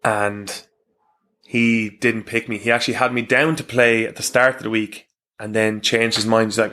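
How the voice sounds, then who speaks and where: An Irish professional rugby player in his thirties, appearing as a guest in a casual interview, tells frank stories full of swearing and laughter. His fairly low voice barely moves in pitch, and his delivery is brisk, pushed, and bright.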